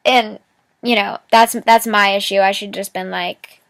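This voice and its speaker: Medium in pitch and a bit bright, this young woman's voice moves at a normal speed with fairly even intonation, and there's no room sound. She's vlogging casually, giving cheerful life advice in a rambling, giggly way full of fillers like "like" and "you know."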